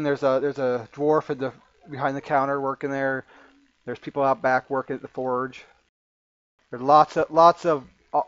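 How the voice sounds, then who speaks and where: A man narrating as game master of a tabletop game, halting and full of fillers. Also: a little high, smooth, dry recording, dull audio. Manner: halting, with many fillers and restarts.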